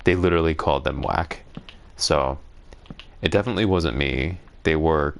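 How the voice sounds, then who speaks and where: Very low gravelly man telling a story. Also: moderate pace. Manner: rambling, sarcastic, indignant, laughs often. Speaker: gaming streamer. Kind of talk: casual storytelling while playing.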